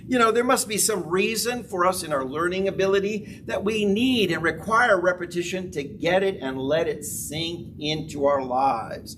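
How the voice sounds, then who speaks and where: A man preaching to his congregation in a high, carrying voice. He swings from hushed low lines to loud bursts and drives each point home by repeating it. The mic is far from him, and steady noise fills the recording. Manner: dramatic swings in pitch and volume, emphatic repetition. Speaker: pastor. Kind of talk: sermon. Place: church sanctuary. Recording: distant mic with background noise.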